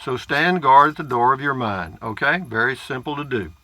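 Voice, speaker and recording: An older man from Central Texas reads out viewer comments to camera in a casual, folksy ramble, laughing at his own jokes. His medium-pitched voice is animated and sharp-toned at a moderate pace, recorded dry.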